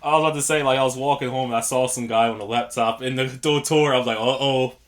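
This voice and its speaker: A young man co-hosting a casual podcast, telling lively stories and acting out the people in them. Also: mid-range voice, fast talker. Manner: animated storyteller, acts out quotes. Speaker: podcast co-host. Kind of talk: casual chat.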